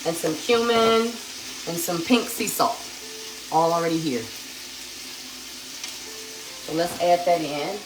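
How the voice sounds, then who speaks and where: A woman hosting a live cooking demonstration, calm and chatty as she talks straight to her viewers. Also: fairly low pitch. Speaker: cooking show host. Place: home kitchen. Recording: echoey kitchen with sizzling pan noise. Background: frying and sizzling from the pan.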